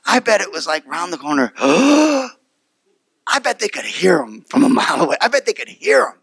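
A male pastor preaching a sermon, telling the story in a lively way, acting out the people in it and repeating his phrases. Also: high-pitched, normal speed, gravelly, husky, dry recording, clean studio sound.

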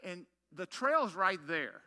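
Middle-aged pastor guy preaching, bright ringing voice, jokey, asks the crowd lots of questions. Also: sits high, big pitch swings, takes it slowly. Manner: storytelling, self-mocking, punchy rhetorical questions. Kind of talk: sermon.

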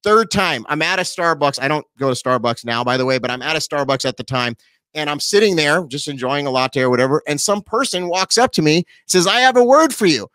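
Animated man in his forties, dry sound. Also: a little high, clean tone, no room sound. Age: 40s. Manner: animated storyteller, quick asides, laughs easily. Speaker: pastor, guest. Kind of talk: personal testimony in an interview.

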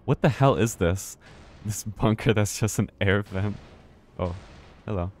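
A man chats casually and rambles while live-streaming a game, swearing and laughing often. His voice is lowish and his delivery unhurried.

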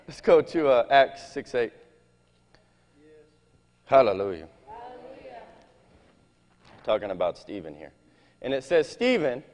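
A man preaching a sermon in a folksy, animated way, reading scripture aloud and talking straight to his congregation. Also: mid-range voice, takes it slowly, pauses often, long reverb tail, muffled recording. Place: church meeting hall.

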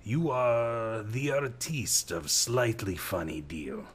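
A man's voice: lowish voice, big pitch swings, slow, breathy edge, pitched above the performer's own voice, heavily acted. A man voicing an ugly old male bartender who grunts and teases in broken English. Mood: needling.

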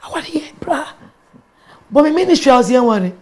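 A middle-aged woman with a Ghanaian accent, a pastor sharing a personal testimony in an animated storytelling manner, switching between English and Twi. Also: high-pitched, a little fast. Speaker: pastor and guest.

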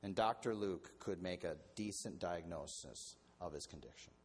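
A male pastor preaching a sermon in an animated, conversational way, often restarting his sentences. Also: low voice, moderate pace, husky.

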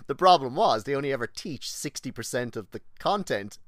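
With a mid-range, animated, fairly bright voice and a brisk pace, this exercise physiologist tells personal stories as a podcast guest, and there's no room sound. He's casual and profane, acting out the people he quotes while he rambles, restarts, and drifts off topic.

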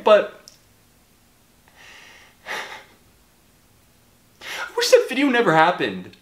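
A man vlogging an emotional confession, halting and wavering, often dropping to a whisper. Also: extremely high pitch, very animated, a bit bright, echoey room.

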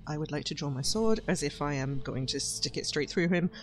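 A man's voice: on the high side, lively intonation, fairly quick. A man playing a tabletop game who describes his character's actions and rolls in a wry, joking way. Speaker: player.

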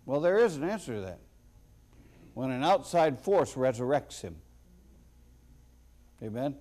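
A man preaching a sermon as a pastor, slow and deliberate with sudden loud emphatic bursts. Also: mid-range voice, sing-song.

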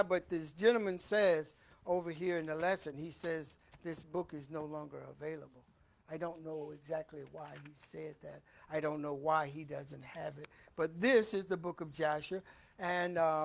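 A man with a high voice leads a Bible study in a church. He reads scripture slowly and with emphasis, then breaks off to talk loosely and ask the room questions. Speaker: preacher. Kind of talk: Bible teaching sermon. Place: church hall.

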